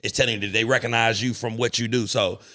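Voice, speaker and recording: A man hosting a podcast, chatting casually and profanely, telling animated stories and acting out what other people said. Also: medium pitch, fast. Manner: animated, profane, storytelling with quoted voices. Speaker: podcast host. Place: podcast studio.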